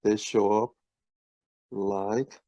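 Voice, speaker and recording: A man's voice: fairly low pitch, steady tone, extremely slow, warm tone, no echo. A man teaching a language lesson, explaining patiently with many fillers and restarts. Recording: dull lo-fi online lesson audio.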